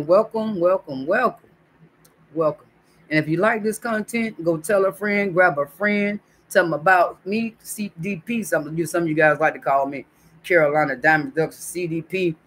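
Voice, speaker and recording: A man's voice: fairly high pitch, a little hiss or hum. A man hosting a casual livestream, chatting affectionately with viewers and reading their comments aloud. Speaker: YouTube livestream host.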